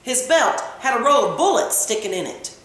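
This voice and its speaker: A woman's voice: on the high side, moderate pace. Woman reading a novel aloud in an echoey room. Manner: expressive storytelling, hushing for tense moments. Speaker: audiobook reader.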